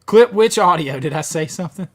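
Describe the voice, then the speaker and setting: This host's voice is high-pitched and animated, and he talks a little fast. He's running a casual horror movie livestream, reading comments from viewers and rambling with fillers and restarts.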